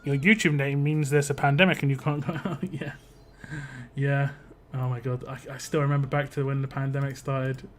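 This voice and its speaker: In a flat, medium-pitched voice at normal speed, a UK gaming host chats casually with viewers mid-game, rambling and interrupting himself. Some faint hiss or hum is audible.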